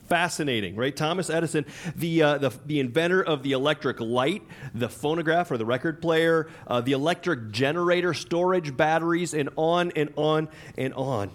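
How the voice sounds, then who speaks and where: A man preaching a sermon in a conversational, chatty way, with lots of fillers, restarts and laughter. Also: fairly high pitch. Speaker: pastor.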